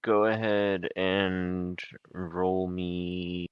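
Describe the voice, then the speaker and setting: A man's voice: low-pitched, little pitch movement, extremely slow, clean tone, no echo, lo-fi sound. A man narrating as game master of a tabletop game, rambling and restarting his sentences.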